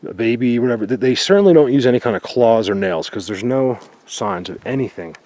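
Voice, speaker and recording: A man vlogging outdoors in a forest, excitedly showing viewers what he finds and sometimes dropping to a whisper. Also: mid-range voice, fairly quick, slight background noise. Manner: excited, talks to viewers, drops to a whisper at times. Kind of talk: outdoor exploring vlog.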